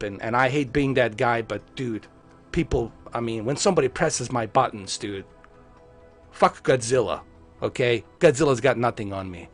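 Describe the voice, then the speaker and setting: A man's voice: medium pitch, animated, normal speed, faint music behind. A man chatting casually on a live stream who often breaks into heated, profane rants, with many fillers. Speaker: tech streamer.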